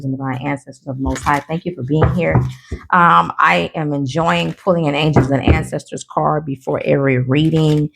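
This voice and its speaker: A woman's voice: low-pitched, gravelly, slight background noise. A woman giving a casual tarot reading to her viewers. She is chatty and giddy, calls them y'all, laughs at herself and trips over her words. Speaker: tarot reader.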